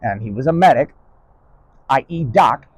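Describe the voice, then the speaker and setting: A man's voice: mid-range voice, expressive, normal speed, breathy edge, no room sound, rough recording. A man giving a rambling spoken lesson in a stern, blunt and profane way. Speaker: lecturer.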